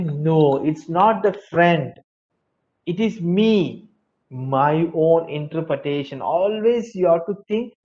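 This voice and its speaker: A man's voice: fairly high pitch, darkish tone, highs cut off. A man giving an interactive webinar lecture, reading out chat answers and repeating his key phrases. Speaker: webinar trainer.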